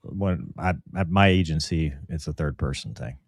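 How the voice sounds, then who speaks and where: A man's voice: a bass voice, moderate pace, husky, no room sound, clean studio sound. A man hosting a podcast, chatting casually and animatedly, often mimicking the voices of people he quotes. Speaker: podcast host.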